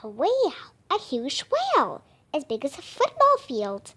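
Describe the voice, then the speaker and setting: Woman reader playing an eager young girl, cheerful, excited, storybook voice, very high, unhurried. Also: full character voice. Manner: bright and excited, high squeals. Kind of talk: storybook read-aloud.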